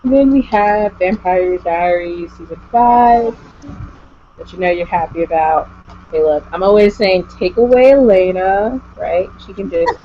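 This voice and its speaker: A woman's voice: on the low side, unhurried. Rambly gushing vlogger woman, lo-fi dull audio, bit of hiss. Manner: gushy, rambling, lots of "like". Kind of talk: casual chat with a guest. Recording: dull lo-fi home recording.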